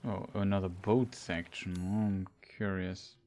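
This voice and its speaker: A man's voice: low voice, steady tone, unhurried, a little mellow. A man streaming a game, giving casual, hesitant commentary as he plays. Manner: thinking aloud, hesitant with fillers.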